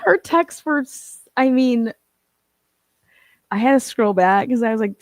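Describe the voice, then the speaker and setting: A woman's voice: fairly high pitch, expressive, unhurried, dry recording. A woman hosting a casual livestream, chatting and reading out viewer comments, swearing and laughing often. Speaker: livestream host reading chat.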